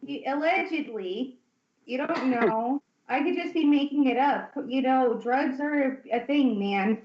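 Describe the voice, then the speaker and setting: A woman's voice: high voice, a little slow, slight background noise. A woman appearing as a podcast guest, joking along playfully with the group. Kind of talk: casual group chat. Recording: echoey, dull call audio.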